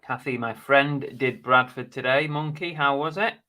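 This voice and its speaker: A man's voice: medium pitch, moderate pace, pushed and bright. A man hosting a casual live stream, chatting bluntly and jokily while reading out viewer comments.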